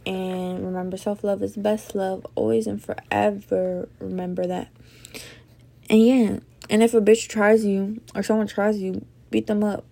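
A woman's voice: mid-range voice, little pitch movement, measured pace, gravelly, dark tone. A young woman hosting a casual solo podcast, rambling with lots of fillers and swearing, sleepy and yawning. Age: young adult. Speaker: podcast host.

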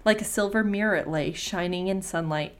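A woman's voice: medium pitch, a little fast. Woman, podcast host, reading an old myth aloud, casual asides. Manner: reads old-fashioned prose aloud, breaking off for profane asides.

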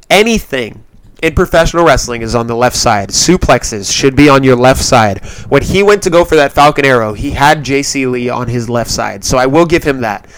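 A man hosting a podcast, talking through a wrestling show in a loose, rambling way. He is frank and laughs easily. His voice sits at an ordinary middle pitch and is recorded close and dry, with no room sound. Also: clear, resonant tone, no echo. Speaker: podcast host. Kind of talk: casual wrestling review commentary.

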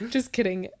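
A woman's voice: high voice, darkish tone. An American woman hosting a casual true crime podcast, chatting with many fillers and laughing often. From United States. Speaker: podcast host.

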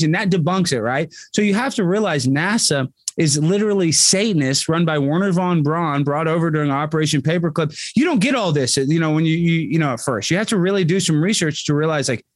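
A man's voice: on the high side, lively intonation, fairly quick, few pauses, no room sound, studio quality. A man talking as a guest on a casual podcast, rambling and emphatic, his voice jumping up when he gets worked up.

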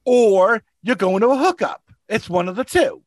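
A man's voice: high-pitched, normal speed, no echo. A man, a regular on a podcast, telling rideshare stories in casual chat and acting out the people in them. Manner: animated, acts out voices in his anecdotes. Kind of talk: casual storytelling.

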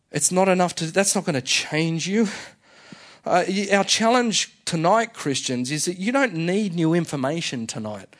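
A male senior pastor giving a sermon in a conversational way, often restarting his phrases. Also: fairly high pitch. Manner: conversational, with frequent fillers and restarts.

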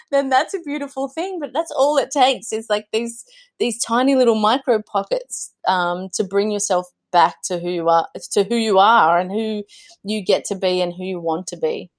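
A woman, a guest talking earnestly about motherhood in a podcast interview, with frequent restarts. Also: medium pitch. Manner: earnest, many restarts and fillers. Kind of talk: conversational interview.

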